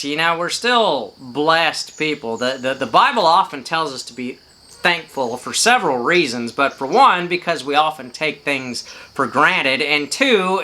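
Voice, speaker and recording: Folksy, bright-voiced man on a porch. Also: a little high. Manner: folksy, unhurried, with drawn-out words and fillers. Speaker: devotion speaker. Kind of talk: folksy devotional talk. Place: outdoors on a front porch.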